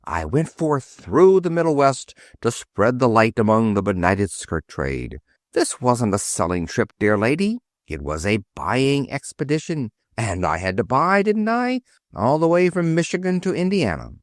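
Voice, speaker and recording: A man voicing a cheery, smooth-talking fat salesman in a bland, pompous manner. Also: mid-range voice, sing-song, a little slow, no echo, studio quality.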